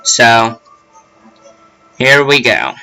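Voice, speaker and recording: A man's voice: mid-range voice, sing-song, extremely slow, creaky, pushed and bright, faint music behind, rough recording. Young man chatting through a game. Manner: rambling, self-deprecating asides. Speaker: gaming channel host. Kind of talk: casual let's play commentary.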